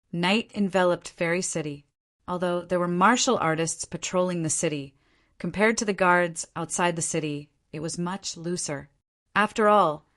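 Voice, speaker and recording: Low-voiced woman reading an audiobook. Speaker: audiobook narrator. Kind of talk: scripted narration.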